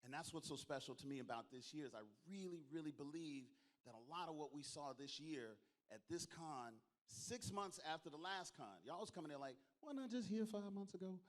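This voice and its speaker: A man's voice: fairly high pitch, brisk, few pauses, fairly bright tone. Man storytelling on a convention stage. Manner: storytelling, joking, calls on the audience to applaud. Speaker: convention organizer giving closing speech. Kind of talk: lively onstage speech to a crowd.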